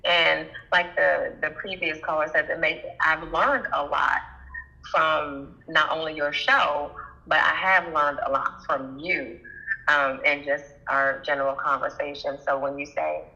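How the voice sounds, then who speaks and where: Woman, caller, bright tone, thoughtful, short searching phrases, muffled phone line. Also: sits low, fairly even intonation, a little slow, gravelly. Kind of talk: casual call-in conversation.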